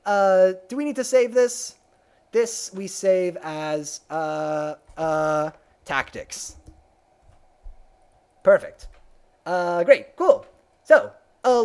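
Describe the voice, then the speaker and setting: A man streaming a video game live, chatting casually, reading game text aloud and humming to himself, his voice a little worn. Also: high-pitched.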